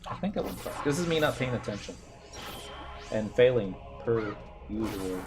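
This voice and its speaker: A man's voice: fairly low pitch, lively intonation, moderate pace. A man in his thirties giving casual gameplay commentary, rambling and reminiscing with self-mocking asides. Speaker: game streamer. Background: game music.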